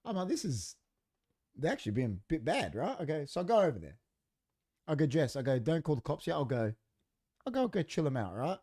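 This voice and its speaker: Animated man telling a story. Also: fairly high pitch, fairly quick, long pauses, husky. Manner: animated, acts out quoted dialogue. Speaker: podcast co-host. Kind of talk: casual storytelling chat. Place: podcast studio.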